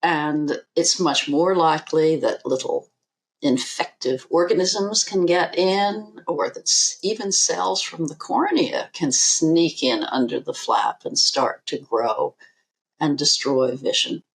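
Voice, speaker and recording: A woman, an eye surgeon on a podcast interview, speaking in a measured, emphatic way and repeating her key figures. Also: low voice.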